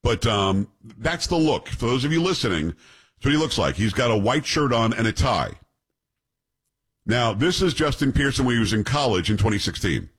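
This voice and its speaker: Husky man giving blunt commentary. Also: medium pitch, sing-song, moderate pace. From New York. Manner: blunt, scornful commentary with many rhetorical asides. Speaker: show host. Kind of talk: opinion commentary.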